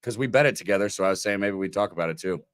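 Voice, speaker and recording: A man's voice: sits low, rapid-fire, no echo. A man co-hosting a live sports betting stream, rambling and repeating himself as he talks to the chat.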